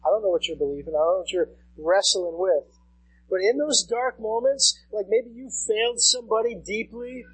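A man's voice: high-pitched, normal speed, fairly bright tone, breathy edge, rough recording. A man in his thirties preaching a sermon as pastor, conversational and repeating key phrases for emphasis. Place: church sanctuary.

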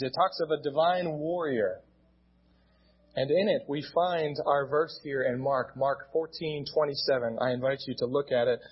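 Husky man preaching, dull lo-fi sound. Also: a little high. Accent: American. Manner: plain teaching tone with repeated word restarts. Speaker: pastor. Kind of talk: sermon.

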